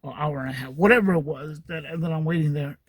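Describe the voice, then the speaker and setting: Talking at a quick pace in a slightly high voice, a man on his podcast rambles through a long personal story, stumbling into fillers and starting over. There's no room sound in the recording.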